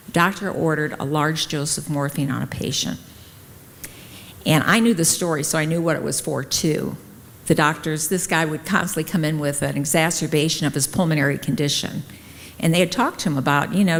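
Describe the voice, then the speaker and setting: A middle-aged woman, a nurse, telling personal stories at a conference and acting out the dialogue. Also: on the low side. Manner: lively, acts out quoted dialogue. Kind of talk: personal storytelling talk. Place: conference hall. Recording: long hall reverb.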